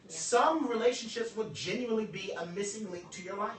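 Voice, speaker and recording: A man giving a joking, animated motivational talk to a group, acting out little dialogues as he goes. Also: high-pitched, fairly quick, reverberant, recorded from a distance, poor audio. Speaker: workshop speaker.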